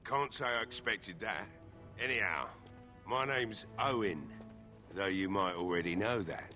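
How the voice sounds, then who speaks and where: An actor playing a middle-aged blacksmith in a video game, drunk, bitter and grieving, with a gruff, curt, weary way of talking. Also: male voice, on the low side, lively intonation, measured pace, sharp tone, soft background music. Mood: wry.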